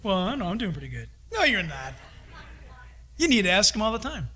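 Middle-aged man preaching; high, forceful, bright delivery, animated quotes. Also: rapid-fire. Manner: animated, acts out voices of God and his kids. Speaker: pastor. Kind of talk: sermon.

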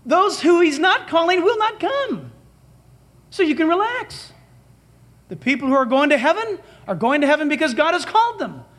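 At normal speed, a pastor with a very high voice gives a dramatic, emphatic sermon, sliding into quoted dialogue. His pitch sweeps around in an animated way.

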